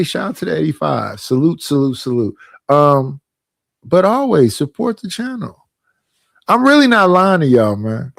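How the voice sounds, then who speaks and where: A man's voice: fairly high pitch, vocal fry, no echo, studio quality. A man streaming reaction commentary in a blunt, profane, ranting manner, with speech.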